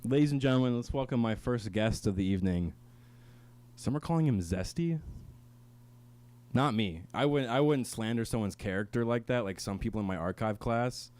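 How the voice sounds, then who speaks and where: A young man with a fairly low voice hosts a comedic student radio show, gloating in a playful, mock-serious way. He talks from a small radio studio. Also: animated, normal speed, darkish tone. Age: young adult. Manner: mock-boastful, playful, slips into silly voices.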